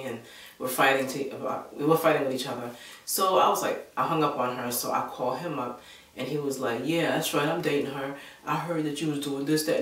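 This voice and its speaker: A woman vlogger telling a personal story in a casual, animated way. She acts out the voices of the people she quotes and fills gaps with "blah blah". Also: a bass voice. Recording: echoey room, mic at a distance.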